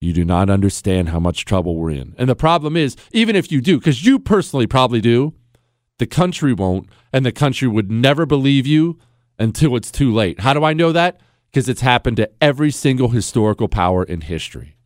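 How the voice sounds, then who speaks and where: A man in his forties hosting a call-in radio talk show, emphatic and animated, dropping from loud to low. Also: brisk, dry recording, studio quality.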